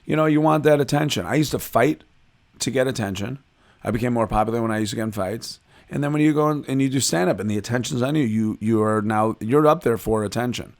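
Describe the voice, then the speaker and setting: A man from Chicago, a comedian guest, telling animated and self-deprecating stories in a casual interview. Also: mid-range voice, fast, creaky.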